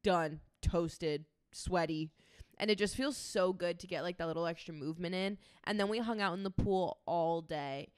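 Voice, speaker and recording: A young woman with a lowish voice chats casually on a podcast, leaning on "like" as she talks. The sound is close and dry, with no room echo. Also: normal speed, clear, resonant tone. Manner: relaxed, filler-heavy speech with many "like"s. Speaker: podcast co-host. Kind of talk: casual chat.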